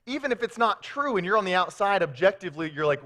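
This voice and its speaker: A man's voice: high voice, quick pace, hardly any pauses, pushed and bright. A man preaching a sermon as pastor, telling stories with playful acted quotes.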